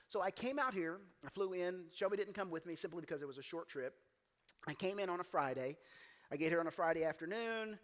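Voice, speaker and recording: A man's voice: high-pitched, fast talker. A man preaching a sermon as pastor, telling a story and acting out the voices in it. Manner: animated, acts out quoted voices, gets loud and emphatic. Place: church.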